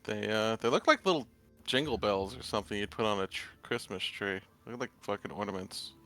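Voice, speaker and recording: A man's voice: on the low side, a little fast, fairly bright tone, faint music behind. A man playing a tabletop game, tossing out dry, joking asides. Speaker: player.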